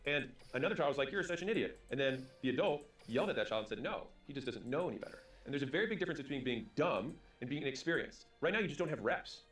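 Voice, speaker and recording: Fast-talking man, roomy distant sound. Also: medium pitch, lively intonation, a bit bright, faint music behind. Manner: rapid storytelling with quick acted-out dialogue. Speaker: business and sales speaker. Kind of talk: motivational storytelling talk. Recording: roomy sound from away from the mic.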